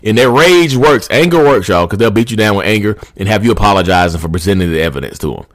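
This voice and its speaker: Man, podcast host, casual advice monologue, low voice, dry close sound, repetitive, talks to listeners. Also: animated, fast talker, no echo. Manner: loose, repetitive, conversational, addresses listeners directly.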